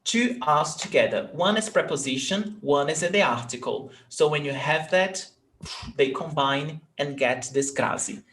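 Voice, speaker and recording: A man is teaching a lesson at an unhurried pace. His voice sits a little high, and he repeats words patiently while checking that the student is following. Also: fairly bright tone. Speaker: Portuguese teacher. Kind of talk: online language lesson.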